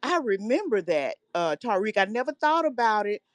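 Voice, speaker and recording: A woman's voice: medium pitch, big pitch swings, normal speed, no room sound. A woman calling in to a talk show, reminiscing in a rambling way with many fillers. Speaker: caller. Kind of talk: casual call-in conversation.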